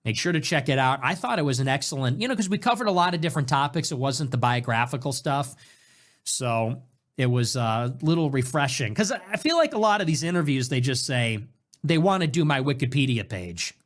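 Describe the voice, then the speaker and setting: A man hosting his own show in a casual monologue, animated and sarcastic, jumping between loud bursts and low mutters. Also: brisk. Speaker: show host.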